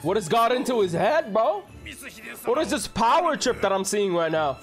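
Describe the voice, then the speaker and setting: A young man giving excitable gameplay commentary with narration, breaking into yelps and shouts and joking trash talk. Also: sits high, normal speed, faint music behind. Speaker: gaming video creator.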